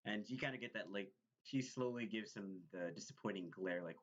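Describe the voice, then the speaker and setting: A man with a fairly low voice narrates a tabletop game as its game master. He stops and restarts often, filling the gaps with fillers. The recording sounds dull and lo-fi. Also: brisk, slight background noise. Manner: hesitant, many fillers and restarts.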